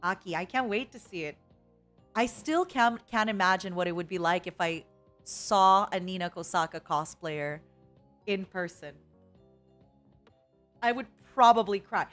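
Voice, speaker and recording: A woman's voice: medium pitch, unhurried, long pauses, a bit bright. A young woman streaming a casual chat, dramatic and emotional, laughing often, with faint music behind.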